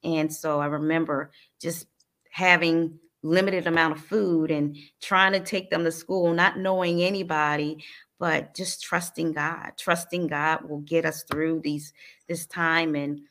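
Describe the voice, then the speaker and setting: Low, flat-voiced woman telling her story. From New Jersey, US. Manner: earnest, halting, emotional. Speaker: interview guest. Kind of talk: personal life story in conversation.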